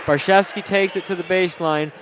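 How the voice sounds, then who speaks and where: A man with a Michigan accent giving color commentary at a high school basketball game, explaining plays like a coach. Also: a little fast, crowd noise. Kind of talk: live basketball analysis. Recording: gym ambience, bouncing ball noise.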